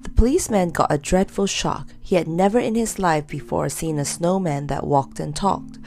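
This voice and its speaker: A woman reading a children's story aloud in a lively, expressive way. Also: on the low side, moderate pace.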